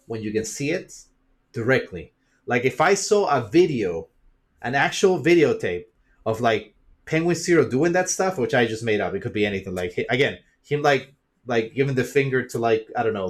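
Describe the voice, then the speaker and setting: A man vlogging casually to his viewers, rambling and repeating himself as he lectures emphatically and swears freely. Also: on the high side. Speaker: YouTuber and streamer. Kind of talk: casual vlog monologue.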